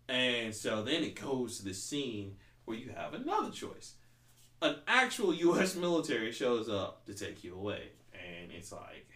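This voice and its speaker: Very animated but a little slow, this man's medium-pitched voice comes across pushed and bright. He hosts a podcast of casual, rambling, profane chat heavy with "like," recorded with a roomy echo.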